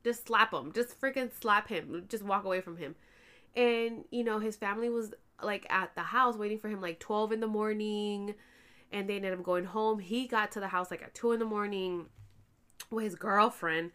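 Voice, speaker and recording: Woman vlogger, casual chat, pregnant and tired, animated, salty language, mid-pitched voice. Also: normal speed. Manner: animated, chatty, swears casually.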